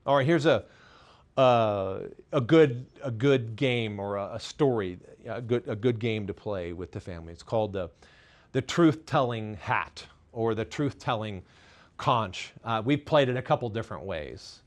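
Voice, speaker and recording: His intonation lively and his pace a little slow, he presents on parenting and faith to a studio audience. The tone is frank and self-deprecating with light jokes, his voice moving between loud, high emphasis and soft, low asides.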